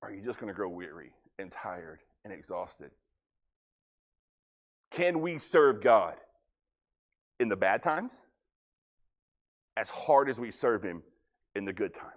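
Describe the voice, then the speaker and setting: A pastor preaching a folksy sermon, joking with the congregation and acting out little dialogues. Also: male voice, on the low side, very animated, slow pace, long pauses, muffled recording.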